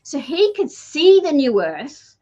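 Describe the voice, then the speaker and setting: A talkative woman with a slightly high voice tells stories in a loose, chatty flow, packed with fillers and little acted-out quotes. The sound is dull and lo-fi, as if from a modest mic. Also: very animated, slow, warm tone. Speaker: energy healer guest. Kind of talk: casual conversational storytelling. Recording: dull lo-fi audio.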